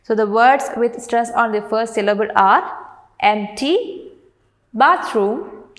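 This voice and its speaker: Brief: woman teacher, recorded class lesson, patient step-by-step delivery, a touch high-pitched. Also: fairly even intonation. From India. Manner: patient, explains step by step, reads words out slowly.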